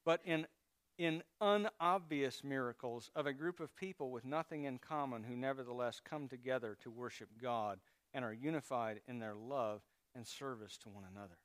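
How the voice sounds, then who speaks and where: A man's voice: medium pitch, normal speed, clear, resonant tone, dry recording. A man preaching a sermon in a conversational way, with asides and prompts to the congregation. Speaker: pastor.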